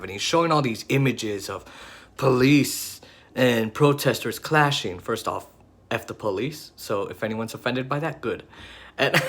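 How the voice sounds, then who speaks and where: A man's voice: medium pitch, sing-song, normal speed, a bit bright. A man hosting a political podcast, talking bluntly and mockingly in a loose monologue full of fillers and restarts. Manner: blunt, mocking, rising to heated anger. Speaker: podcast host.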